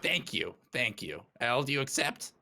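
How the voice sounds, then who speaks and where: Lively bright-voiced man playing a tabletop game. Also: mid-range voice, normal speed. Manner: lively, speaks in character and narrates own actions. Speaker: player. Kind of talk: tabletop role-play chat.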